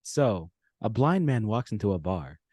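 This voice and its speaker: A host swaps puns and corny jokes with a guest and bursts into loud laughter. The voice swings a lot in pitch and sits dry and close to the mic. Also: very animated, normal speed, no room sound. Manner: laughs loudly, playful. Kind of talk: casual joke-trading chat.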